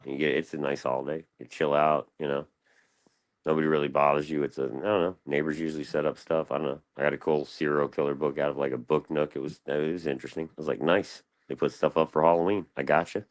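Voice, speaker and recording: A young man with a drawl and an extremely low, deep voice. He rambles through casual stories in a slangy, loose way, full of fillers and asides. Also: little pitch movement, quick pace. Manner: laid-back, slangy, loose storytelling with lots of fillers. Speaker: guest on a live panel stream.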